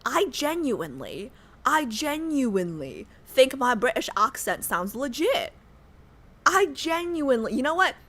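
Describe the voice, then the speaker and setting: An American woman streaming a game, chatting casually with her viewers in an animated, joking way. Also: high voice, a little slow. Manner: animated, joking, talks to chat. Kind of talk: casual livestream chat.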